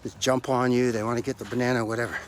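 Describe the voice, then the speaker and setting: Breathless from running stairs, a man hosting a motivational podcast as a life coach talks with emphasis, hammering his key phrases preacher-style. His medium-pitched voice stays flat in pitch and races along, with slight background noise.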